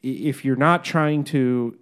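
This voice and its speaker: A man's voice: mid-range voice, measured pace, a bit bright, clear, resonant tone. A man co-hosting a casual podcast chat, agreeing and chiming in. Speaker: podcast co-host.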